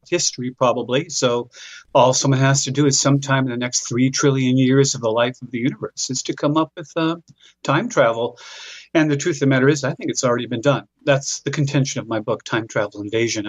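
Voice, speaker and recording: Male author guest, measured answers, mid pitch, dry sound. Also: dry recording. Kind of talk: interview answers.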